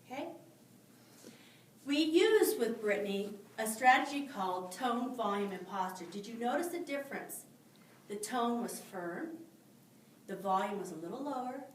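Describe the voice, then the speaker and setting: A woman's voice: a little high, fairly bright tone, slight background noise. A woman teacher trainer explaining classroom discipline strategies, posing frequent rhetorical questions to her listeners. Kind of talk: instructional talk with demonstrations. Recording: roomy, mic at a distance.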